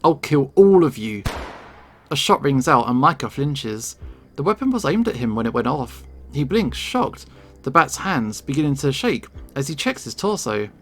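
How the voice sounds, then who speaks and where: Expressive man reading a visual novel. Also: medium pitch, normal speed, slight background noise. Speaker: game reader. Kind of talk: reading a visual novel aloud, first person.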